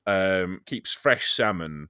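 A man's voice: deep voice, lively intonation, slow, bright, forceful tone, clear, resonant tone, no room sound, studio quality. A man hosting a casual podcast, rambling and jokey, with lots of fillers and restarts. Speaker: podcast host.

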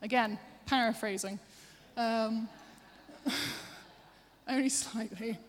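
A woman preacher giving a sermon, chatty and self-deprecating, with quick asides to the congregation. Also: on the high side, steady tone, a little hiss or hum. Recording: long hall reverb.

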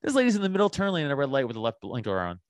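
A man, a podcast guest, telling a story in casual chat, animated and full of swearing. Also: mid-range voice, very fast, no room sound, studio quality.

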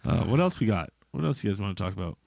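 A young man co-hosting a podcast, telling a story casually, swearing and mimicking people in squeaky voices. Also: big pitch swings, very fast, gravelly, a little mellow, no room sound. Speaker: podcast co-host.

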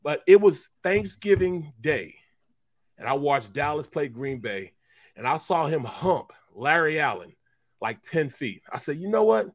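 Animated middle-aged man telling sports stories. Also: on the high side, measured pace, no room sound, clean studio sound. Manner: animated, emphatic storyteller, slangy. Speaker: co-host, former pro football player. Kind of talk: sports talk show storytelling.

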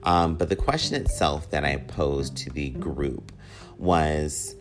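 A man's voice: very deep voice, slow. A man hosting his own podcast in an upbeat, rambling, repetitive way, with a slightly whiny voice. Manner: upbeat, rambling, repeats himself with fillers. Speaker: podcast host. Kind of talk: casual solo podcast monologue. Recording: music playing under the voice. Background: guitar music.

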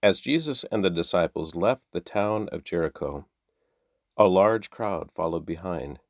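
Deep-voiced man reading scripture slowly. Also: no echo, clean studio sound. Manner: slow, measured, steady reading. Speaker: Bible reader.

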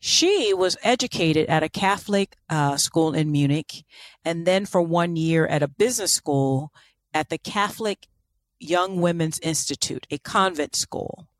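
A woman with a lowish voice tells a history story in loose, irreverent podcast chat, full of asides. The sound is dry and close. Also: animated, a little slow, no room sound. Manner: chatty and irreverent, apologetic about pronunciation. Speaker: podcast co-host.

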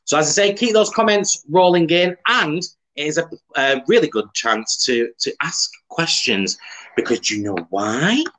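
A man's voice: on the high side, normal speed, few pauses, a bit bright, low-quality recording. A man hosting a live-streamed chat show, chatty and playful, reading viewer comments aloud. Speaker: host.

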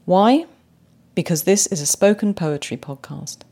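A woman hosting a poetry podcast, speaking with warm enthusiasm and slowing down to savour lines read aloud. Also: on the low side. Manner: animated, slows right down to read poems aloud. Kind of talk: podcast commentary on haiku.

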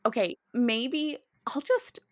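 A woman's voice: on the high side, slow, a crowd in the background. Chatty female podcast co-host. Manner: chatty, laughs through her sentences. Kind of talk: casual chat.

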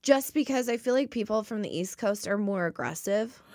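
A young woman from Reno co-hosting a podcast in casual chat, playful and quick to mimic accents. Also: mid-range voice, animated, a little mellow, dry recording, clean studio sound. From Reno, Nevada. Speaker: podcast co-host.

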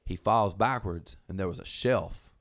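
Low, gravelly male storyteller, animated, profane, jumps into character voices. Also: normal speed. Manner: animated, swearing, acts out quotes in raised voices. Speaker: storyteller guest. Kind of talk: casual storytelling.

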